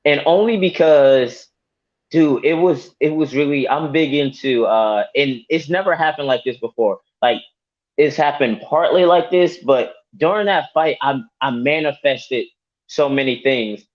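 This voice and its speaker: A man, a fighter, talking casually in an interview, animated and laughing often. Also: fairly high pitch, unhurried. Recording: dull lo-fi audio.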